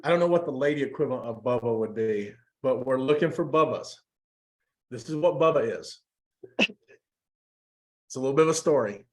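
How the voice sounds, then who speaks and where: A man's voice: mid-range voice, lively intonation, normal speed, long pauses. A man on a team call telling a humorous story in a folksy way, voicing the characters as he goes. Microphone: online call.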